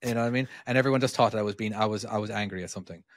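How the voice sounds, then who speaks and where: A man's voice: on the low side, racing, dry recording, studio quality. A man with an Irish accent, co-hosting a podcast in casual chat, rambling and starting his sentences over. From Ireland. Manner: rambling, restarts often, chuckles easily. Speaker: podcast co-host.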